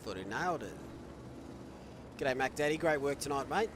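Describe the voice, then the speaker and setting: A man commentating an online racing event, chatty and joking, getting loud and excited when the race action kicks off. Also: medium pitch, normal speed, noisy background.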